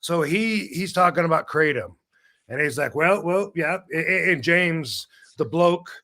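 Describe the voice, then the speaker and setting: A middle-aged man hosting a casual livestream chat, talking bluntly and rambling through animated stories. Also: a little high, moderate pace. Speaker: podcast host. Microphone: video call.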